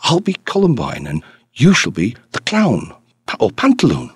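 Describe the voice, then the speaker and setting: A gushing, playful young woman in an audiobook, as a male reader puts her on, her voice lifting high. Underneath lies a husky, close, dry tone. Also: wildly swooping pitch, normal speed, no echo, heavily acted. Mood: delighted.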